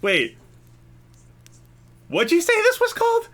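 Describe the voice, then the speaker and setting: A man squeaking out a tipsy excited tavern woman. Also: takes it slowly, exaggerated voice. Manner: squealing, gushing.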